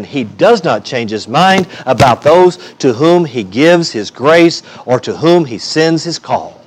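A man's voice: mid-range voice, expressive, unhurried, few pauses, breathy edge. A male pastor preaching a sermon in an emphatic, folksy way with humor.

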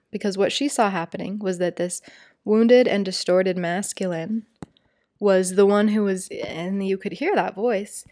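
A woman's voice: medium pitch, steady tone, measured pace, a little mellow, no echo, studio quality. A young adult woman telling a personal story in a chatty way, full of fillers, acting out what people said. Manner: chatty, lots of "like" fillers, acts out quoted voices. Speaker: yoga teacher and podcast host.

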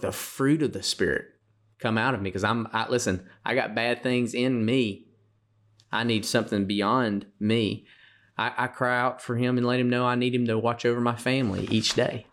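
A man talks earnestly on a faith podcast, half chat and half sermon. He often restarts a phrase, doubling the first word before going on. His pitch sits in an ordinary middle range. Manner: earnest, repeats words at starts; emotional, gets choked up. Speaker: podcast co-host. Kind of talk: preaching-style podcast talk.

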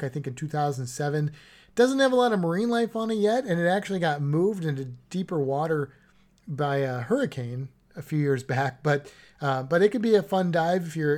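A woman's voice: deep voice, darkish tone. A woman chatting casually about travel plans, rambling and correcting herself as she goes. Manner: rambling, self-correcting, chuckling.

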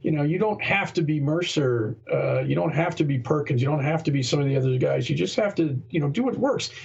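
A man with a raspy voice chatting earnestly on a podcast, rambling with many restarts. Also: a little high, animated, a little fast, a little mellow, highs cut off. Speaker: guest game master. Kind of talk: casual podcast conversation.

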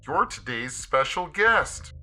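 This is a man doing a sinister animatronic mascot for a horror story. His voice is high, very bright and tense, and he sings in an off-key, sing-song way. Faint music plays behind him. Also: sing-song, takes it slowly, exaggerated voice. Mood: cheerful menace. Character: creepy singing animatronic badger mascot, male.

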